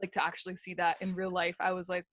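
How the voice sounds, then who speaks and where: A woman's voice: fairly low pitch, fast, no room sound. Young woman podcast cohost, mad and cussing a lot, dry close sound. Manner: heated, swears freely, animated storytelling. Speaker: podcast co-host. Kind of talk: casual chat.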